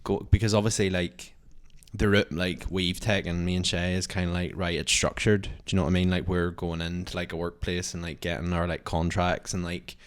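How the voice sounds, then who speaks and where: A young man with a deep, low voice, co-hosting a podcast among friends. He talks in long, rambling runs, packing his sentences with "like" as he goes. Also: little pitch movement, brisk, hardly any pauses. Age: young adult. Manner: rambling, heavy use of "like". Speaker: podcast co-host. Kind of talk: casual chat.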